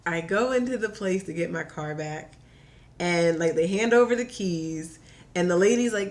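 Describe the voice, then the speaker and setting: A woman from Virginia chatting on a podcast as a guest, telling a story in a lively way and acting out the voices she quotes. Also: on the low side, normal speed. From Hampton Roads, Virginia. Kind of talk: casual chat.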